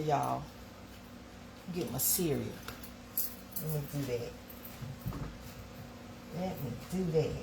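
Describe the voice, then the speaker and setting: Over some background noise, a woman with a lowish voice hosts a casual livestream. She chats folksily with her viewers while making breakfast.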